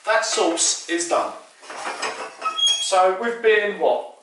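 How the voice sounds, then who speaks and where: Man, cooking host, high voice, casual explaining, strong kitchen echo, mic far off. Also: animated, extremely slow, noisy background. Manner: chatty, explains as he cooks.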